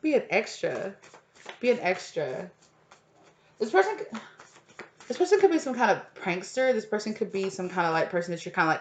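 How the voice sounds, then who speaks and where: A woman's voice: mid-range voice, big pitch swings, a little fast. A woman giving a casual, rambling tarot reading at home, full of fillers and asides. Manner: rambling, filler-heavy, chatty. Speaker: tarot reader. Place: home with a cat.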